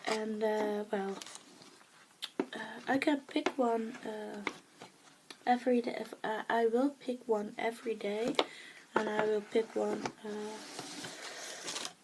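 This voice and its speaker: A woman with a Dutch accent, talking softly and hesitantly in a casual show-and-tell vlog, often dropping into a whisper, with many pauses and fillers. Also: medium pitch, steady tone, noisy background. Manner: soft-spoken, often slipping into a whisper. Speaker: craft vlogger.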